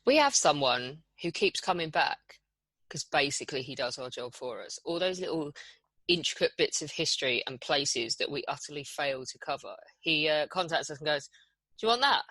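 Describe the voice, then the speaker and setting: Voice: mid-range voice, normal speed, sharp tone, dry recording. A podcast co-host who chats playfully and makes jokey asides. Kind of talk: casual conversational podcast chat.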